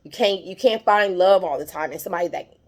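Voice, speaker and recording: Lady recapping her show, low-ish voice, chatty and opinionated, gets loud and high when she's fired up. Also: fast. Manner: chatty and opinionated, says "child" and "honey" often; animated, rises high when worked up. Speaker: TV episode recap host. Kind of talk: casual recap and review.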